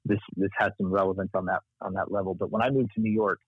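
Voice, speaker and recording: His deep, slightly rough voice carries a Texas accent as this Texan marketing strategist rattles off career stories at a fast clip in a casual interview. He's animated and acts out the voices in his stories, recorded dry over a tinny, phone-like line.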